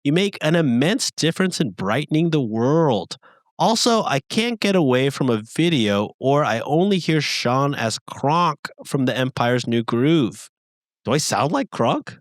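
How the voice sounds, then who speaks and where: A man co-hosting a podcast, casually reading listener messages aloud with lively, rising emphasis. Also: mid-range voice, unhurried, dry recording.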